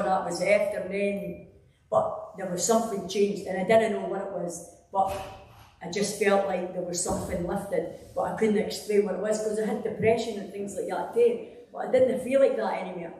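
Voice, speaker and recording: A woman's voice: mid-range voice, darkish tone, a little hiss or hum. Scottish woman in an echoey hall. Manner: rambling, conversational, with many fillers and restarts. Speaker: testimony speaker at church. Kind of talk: personal testimony in a church service. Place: church hall. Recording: echoey hall, distant mic.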